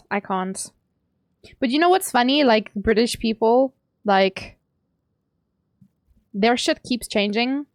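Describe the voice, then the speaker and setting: A woman's voice: mid-range voice, dry recording, studio quality. A woman with a South African accent, chatting casually and rambling with frequent laughs while she streams a game from home. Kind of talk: casual chat while playing.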